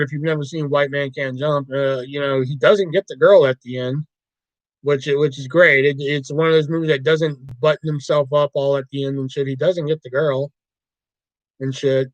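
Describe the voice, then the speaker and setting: A man's voice: fairly high pitch, no room sound, poor audio. A man hosting a livestream, chatting casually about movies in a rambling, profane way. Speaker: livestream host.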